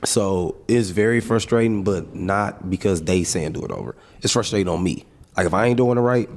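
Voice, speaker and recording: A man, a comedian and actor, telling stories in casual, slangy interview chat. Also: low-pitched. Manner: relaxed storytelling, slangy, animated asides.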